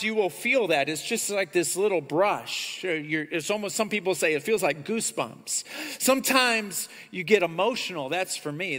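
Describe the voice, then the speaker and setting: A bright, high-pitched man preaching in a church sanctuary. His animated delivery rises and swells on key points. A long hall reverb trails each phrase. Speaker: pastor. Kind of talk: sermon.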